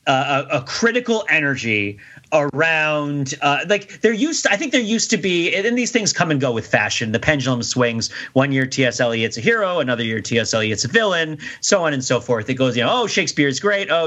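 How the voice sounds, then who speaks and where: A man's voice: medium pitch, very animated, brisk, bright, forceful tone. A man co-hosting a podcast, rambling in casual discussion with frequent restarts and laughs. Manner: rambling, self-interrupting, laughs often. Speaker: podcast co-host. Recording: dull lo-fi sound.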